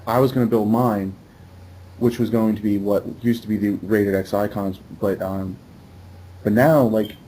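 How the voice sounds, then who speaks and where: A man's voice: lowish voice, mellow, slight background noise, poor audio. A man hosting a podcast in a loose, rambling casual chat with many fillers. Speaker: podcast host.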